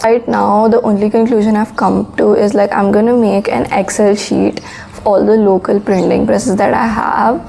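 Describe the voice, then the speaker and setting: A young woman talking to the camera in a casual vlog, rambling and candid, low-key and sleepy. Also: steady tone, normal speed, gravelly, mellow, a little hiss or hum, low-quality recording. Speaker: author and vlogger. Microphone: phone.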